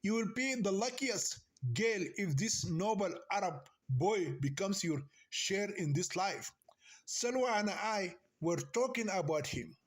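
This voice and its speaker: A man with a high voice voices an older aunt from a novel, a superstitious, bossy yet caring woman. He reads her lines slowly and earnestly.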